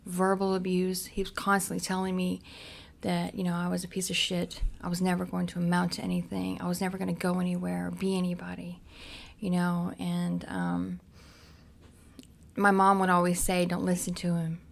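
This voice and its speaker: Gravelly-voiced woman telling her story. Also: on the low side, monotone. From Cincinnati, United States. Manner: frank, halting, with many restarts. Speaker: podcast guest. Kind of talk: candid personal storytelling.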